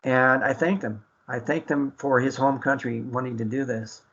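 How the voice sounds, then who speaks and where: A man's voice: mid-range voice, steady tone, normal speed, fairly bright tone, muffled recording. A man hosting an internet radio talk show, speaking earnestly with many fillers and restarts.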